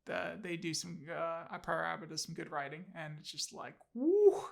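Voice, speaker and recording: Gravelly, rambling man reviewing a book. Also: on the high side, level tone, moderate pace, bright, forceful tone. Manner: rambling and enthusiastic, many fillers and restarts. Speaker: audiobook reviewer. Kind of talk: casual video review.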